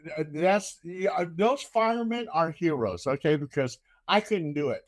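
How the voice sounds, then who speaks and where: An older man hosting a casual chat, telling a story with animation and loudly acting out the lines he quotes. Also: on the high side, lively intonation, unhurried, a crowd in the background.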